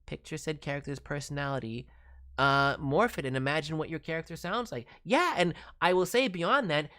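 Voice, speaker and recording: A man's voice: fairly high pitch, sharp tone. A man streaming as a voice actor, giving chatty, encouraging advice on demos and voice work. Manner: chatty and encouraging, many fillers and quick asides. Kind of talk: casual livestream advice.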